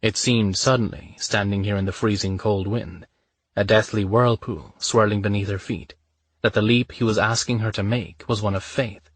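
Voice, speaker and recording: Low-voiced male audiobook narrator. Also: husky, no echo. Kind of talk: scripted romance narration.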